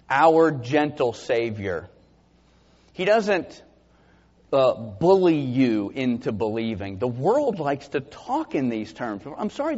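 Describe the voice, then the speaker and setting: A man, a pastor, preaching a sermon with animated delivery and sudden high-pitched bursts of emphasis. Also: long reverb tail, highs cut off. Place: church sanctuary.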